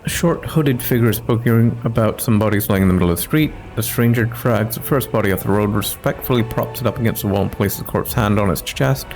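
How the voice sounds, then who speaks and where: Gravelly man giving wry game commentary. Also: on the low side, a little fast, few pauses, a little mellow, faint music behind, rough recording. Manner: wry, amused. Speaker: let's-play host. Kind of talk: casual gameplay commentary and reading game text.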